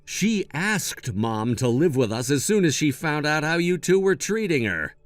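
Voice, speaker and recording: A man with a fairly high voice narrates a scripted first-person story, very animated yet unhurried. His tone is firm, scolding and sarcastic, and the dry recording has faint music behind him.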